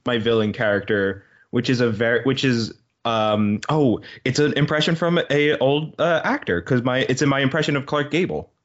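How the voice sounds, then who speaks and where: A man with a Philadelphia accent, co-hosting a podcast in casual chat. He speaks at an ordinary pitch and jokes in a dry way. The recording sounds dull and muffled. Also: normal speed, few pauses. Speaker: podcast co-host.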